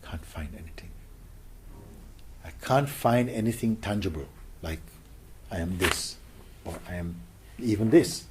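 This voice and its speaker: A man giving a contemplative spiritual talk as a teacher, gentle and questioning, often sinking into a whisper. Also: on the low side, animated, a little slow, long pauses, a little hiss or hum.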